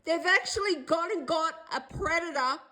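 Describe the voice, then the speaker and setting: A woman's voice: very high-pitched, moderate pace, pushed and bright, low-quality recording. An older Australian woman in a distressed direct-to-camera video, pleading and accusing in an agitated way and repeating herself. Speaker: vlogger.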